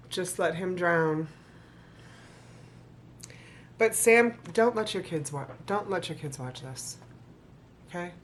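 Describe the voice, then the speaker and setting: Woman reading a picture book aloud. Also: lowish voice. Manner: sarcastic, playful commentary between read lines. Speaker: vlogger reading a children's book. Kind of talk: reading aloud with joking asides.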